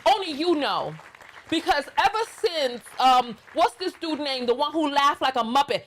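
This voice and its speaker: A woman's voice: high voice, animated, a little slow, a bit bright, a little hiss or hum. A middle-aged woman with a New York accent hosting a blunt, sassy reaction commentary monologue. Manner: sassy, blunt, emphatic ranting. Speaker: commentary channel host.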